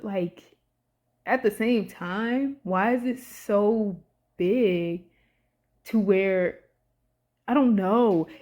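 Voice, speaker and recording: A young woman giving casual fan commentary, excitable and animated, swearing freely and talking in slang. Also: lowish voice. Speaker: vlogger.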